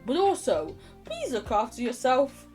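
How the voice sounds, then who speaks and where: British woman streamer, young, higher voice with lots of swing, chatty and tangential. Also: wildly swooping pitch, measured pace, darkish tone, soft background music. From United Kingdom. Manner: chatty, goes off on tangents, laughs often. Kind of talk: casual livestream chat while gaming.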